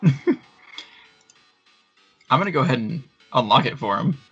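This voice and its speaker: Laid-back husky man playing a tabletop game. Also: medium pitch, very animated, unhurried, pushed and bright, lo-fi sound, soft background music. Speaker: player. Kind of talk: casual tabletop play.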